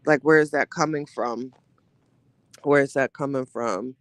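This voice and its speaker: Woman podcast host, animated casual commentary, dry close recording. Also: a bass voice, a little slow, no room sound. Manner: chatty, animated, exclamatory with laughter.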